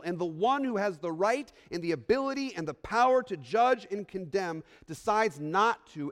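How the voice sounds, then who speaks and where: A man with a rather high voice preaches a Christmas sermon, earnest and emphatic. He stacks repeated phrases for weight and sometimes stumbles and restarts. His voice trails off into the long reverb of a large sanctuary. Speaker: pastor. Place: church sanctuary.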